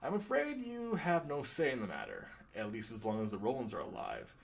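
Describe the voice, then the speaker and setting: A man reading the lines of a secretive informant in a game, in a quieter, lower, steady voice. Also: brisk, creaky. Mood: ominous. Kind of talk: reading game dialogue aloud.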